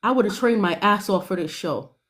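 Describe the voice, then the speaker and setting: A young woman giving animated, sassy commentary on a reality show, laughing often. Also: medium pitch, normal speed. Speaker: podcast panelist.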